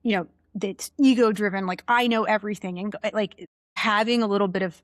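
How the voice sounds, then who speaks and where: A young adult woman guest, a finance executive, chatting candidly in a studio interview, telling stories with lively asides. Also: mid-range voice, fairly quick, no room sound. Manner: candid, animated storyteller. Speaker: guest, chief financial officer. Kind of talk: casual interview chat.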